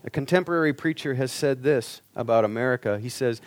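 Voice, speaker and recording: A man's voice: medium pitch, a little fast, hardly any pauses, no echo. A male preacher giving an earnest sermon, pressing the listeners with rhetorical questions.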